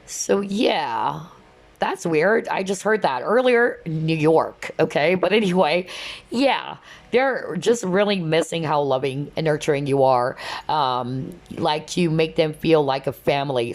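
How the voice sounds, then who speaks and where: In a low voice at a measured pace, this tarot reader chats her way casually through a reading. She keeps checking in with her listener, dropping "okay?" and "you know" again and again.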